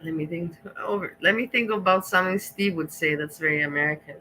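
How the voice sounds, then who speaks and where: Bright-toned lady reacting on stream, blunt and laughy, slight hiss behind. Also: fairly low pitch, quick pace, poor audio. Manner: emotional, laughing, blunt and ranting. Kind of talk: casual live-stream reaction rant.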